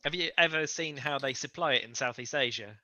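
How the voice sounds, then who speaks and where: A man's voice: mid-range voice, brisk, bright, forceful tone, dry recording. A man chatting casually on a live stream, bringing up news items.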